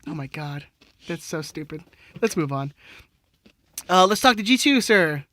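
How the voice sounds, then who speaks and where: A man's voice: fairly high pitch, expressive, unhurried, sharp tone, no echo. A man co-hosting a podcast, joking around and recapping a soccer match from a lineup. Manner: joking, laughs easily, reads off a lineup. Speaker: podcast co-host. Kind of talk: casual chat and soccer recap.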